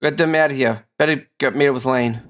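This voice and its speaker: A woman's voice: rumbling low, fast. A woman streamer casually playing through a game, reading its lines aloud and muttering asides.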